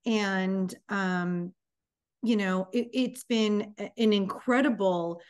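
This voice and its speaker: A woman in her thirties, a business founder, telling her story in an interview with lively, acted-out dialogue. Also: mid-range voice, takes it slowly, clean tone. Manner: animated, acts out dialogue in storytelling.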